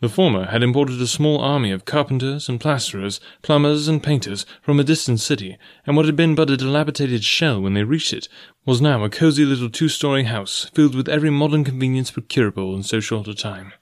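A man reads a novel aloud in a steady, even manner. His voice sits at a middling pitch, and the sound is close and dry, with no room echo. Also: fairly quick, few pauses. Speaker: narrator. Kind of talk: audiobook reading.

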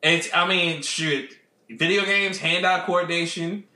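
A man's voice: measured pace, reverberant. A man co-hosting a podcast, ranting in casual banter with a mocking, profane, laughing delivery. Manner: animated, profane, mocking rants with big pitch jumps and laughs. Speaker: podcast co-host.

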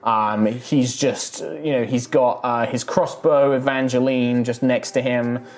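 A man's voice: mid-range voice, fairly even intonation, measured pace, darkish tone. Rambling man narrating as game master. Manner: casual, rambling descriptions full of ums.

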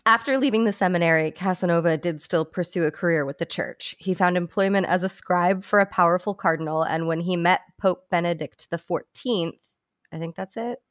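A woman's voice: on the low side, brisk, fairly bright tone, no echo, clean studio sound. A woman co-hosting a casual podcast, reading history notes aloud with some hesitant fillers. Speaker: podcast co-host.

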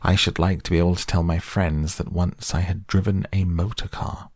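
Guy doing a bragging reckless toad, husky low voice, storybook reading. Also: fairly even intonation, moderate pace, no room sound, clean studio sound. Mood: wheedling. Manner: swaggering, loud bursts of bragging. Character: boastful reckless male toad, vain and excitable. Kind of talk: bedtime audiobook reading.

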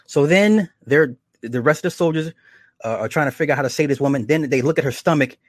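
A man casually retelling horror episodes, slipping into quick acted quotes and chuckles. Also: on the high side, no echo, studio quality. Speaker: show reviewer.

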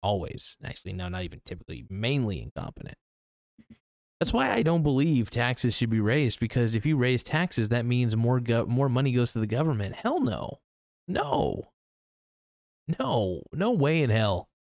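A man's voice: mid-range voice, animated, brisk, darkish tone, no room sound, clean studio sound. A young man ranting bluntly and crudely into his own video, rambling with restarts. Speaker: political vlogger. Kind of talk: ranting monologue to camera.

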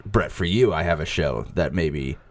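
A man in comedy podcast banter, deadpan and sarcastic. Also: extremely low pitch, moderate pace.

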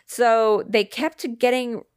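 A woman co-hosting a podcast, telling a story in a rambling, animated way, full of "like" and casual swearing. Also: a little high, slow, clear, resonant tone, dry recording, studio quality. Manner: rambling, animated, swears freely, fillers like "like" and "kinda". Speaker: podcast co-host.

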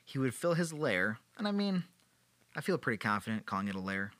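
A man's voice: medium pitch, very animated, a little fast, fairly bright tone, dry recording. A man hosting a podcast, telling a history story in a casual, playful way with sarcastic joking asides. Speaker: podcast host.

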